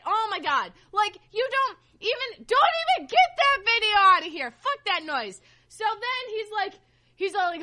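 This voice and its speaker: A woman's voice: extremely high pitch, big pitch swings, a little slow, sharp tone. A woman co-hosting a podcast, ranting angrily with a lot of swearing. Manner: angry ranting, heavy swearing. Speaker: podcast co-host. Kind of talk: casual podcast chat.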